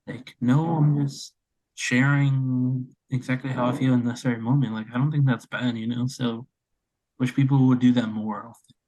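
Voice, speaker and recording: A man's voice: medium pitch, fairly even intonation, normal speed, darkish tone, low-quality recording. A young man in his twenties co-hosting a casual podcast, speaking earnestly with many fillers. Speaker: podcast co-host.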